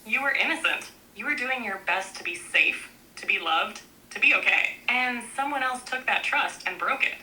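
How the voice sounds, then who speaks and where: A woman narrating a book aloud in a gentle, reassuring way, speaking in short, repeated affirmations. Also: a little high, animated, normal speed, few pauses, poor audio.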